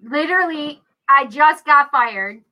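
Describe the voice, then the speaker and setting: A middle-aged woman telling a story in casual chat, lively and acting out every line of dialogue. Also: high voice, unhurried, lo-fi sound. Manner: animated storyteller, acts out dialogue. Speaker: tarot reader and show co-host.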